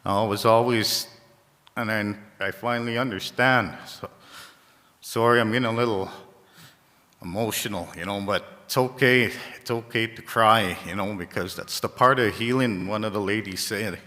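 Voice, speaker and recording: A man from Saskatchewan, a First Nations community leader, gives a halting, heartfelt ceremony speech, often repeating phrases. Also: fairly low pitch, sharp tone. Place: large gymnasium. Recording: echoey gymnasium reverb.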